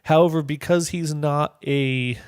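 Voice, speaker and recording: A man's voice: on the high side, fairly even intonation, a little slow, clean tone, no room sound, studio quality. A man co-hosting a podcast in casual chat, making his points emphatically and repeating them. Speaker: podcast co-host.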